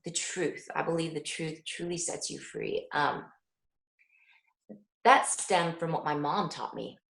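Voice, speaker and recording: A woman's voice: low-pitched, a little slow, vocal fry, roomy sound, poor audio. A middle-aged mother answering an interviewer, speaking earnestly and acting out little dialogues as she tells stories. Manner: earnest, animated storytelling with quoted dialogue. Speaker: parent guest.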